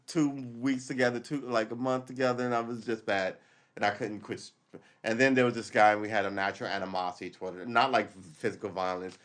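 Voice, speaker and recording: A man's voice: on the low side, fairly bright tone. Rambling, profane man in his forties. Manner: rambling, profane, loses his train of thought. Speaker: livestream host. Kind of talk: casual storytelling monologue.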